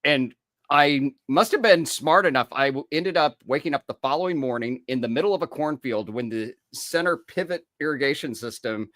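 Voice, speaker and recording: A man's voice: fairly high pitch, normal speed, fairly bright tone, no room sound, clean studio sound. A man, an author and recovery coach, speaking as a guest in casual interview chat, reflective and often chuckling as he recounts his own stories.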